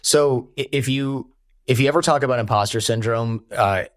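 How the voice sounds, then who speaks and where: A man, a podcast guest telling stories in an animated way and quoting people in character. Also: medium pitch, moderate pace, no room sound, clean studio sound. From United States. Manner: animated storyteller, quotes others in character. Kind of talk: conversational interview.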